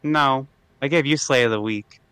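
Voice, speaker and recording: A man's voice: medium pitch, normal speed, fairly bright tone, clear, resonant tone, no room sound. A man co-hosting a podcast in easygoing, agreeable casual chat, also reading listener reviews aloud. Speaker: podcast co-host.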